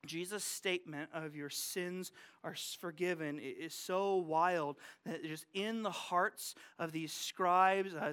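A pastor preaching a sermon to a congregation, conversational and animated, jumping from loud outbursts to hushed asides and questions to the listeners. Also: mid-range voice, smooth. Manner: asks the congregation questions and jokes about family life. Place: church, speaking to a congregation.

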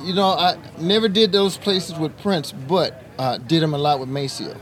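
A man's voice: on the high side, moderate pace. A man speaking as a guest musician in a casual interview, laid-back, often adding "man". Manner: laid-back, relaxed, peppers speech with "man". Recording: crowd noise behind.

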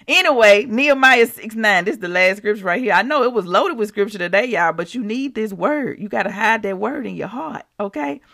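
A woman's voice: medium pitch, a bit bright. A woman hosting a prayer podcast, preaching in a casual, chatty way. She laughs often and acts out scripture scenes.

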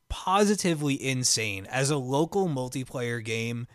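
Brief: excitable male co-host, mid-pitched, rambling casual delivery, dry close sound. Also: moderate pace, no echo. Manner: excitable, rambling storyteller full of "like". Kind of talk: casual chat.

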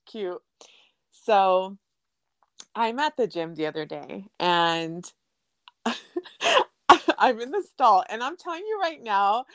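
A young adult woman co-hosting a podcast, telling stories with lots of laughter, swearing freely and mixing in Spanish phrases. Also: no room sound. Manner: animated storyteller, bursts into laughter and high squeals. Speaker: podcast co-host. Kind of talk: casual chat.

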